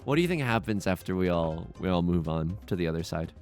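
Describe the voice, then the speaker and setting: A young man gives casual commentary on his own game, dramatic and self-mocking. His pitch leaps about constantly, from hushed mutters to loud cries, while soft music plays under him. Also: animated, fast talker. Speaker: let's play host.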